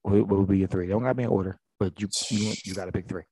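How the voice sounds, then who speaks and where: A young man chatting casually and sounding laid-back, his voice fairly low and mellow. His slangy talk often trails off into a mumble. The recording is dry and close. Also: steady tone, rapid-fire, slightly rough, no echo. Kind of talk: casual chat.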